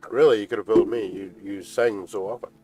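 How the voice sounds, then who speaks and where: A man's voice: on the low side, fairly even intonation, quick pace, mellow, soft background music, low-quality recording. A man streaming a video game, teasing his friend and swearing at the game as he plays. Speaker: gaming streamer. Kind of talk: casual gaming commentary.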